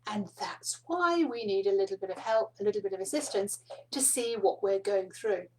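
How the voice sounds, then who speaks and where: A middle-aged woman hosting a spiritual card reading, speaking softly and meanderingly with fillers and small laughs. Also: mid-range voice, expressive, moderate pace, rough recording. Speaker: spiritual card reader and host. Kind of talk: casual spoken teaching to camera.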